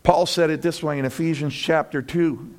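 A male pastor preaching a sermon in an animated way, acting out the voices of friends and building to loud peaks. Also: on the high side, normal speed.

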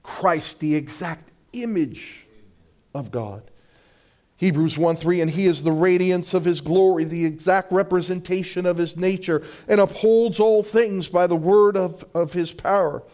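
A middle-aged male pastor preaching a sermon, swinging between loud, slow declarations and hushed, drawn-out lines. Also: high voice.

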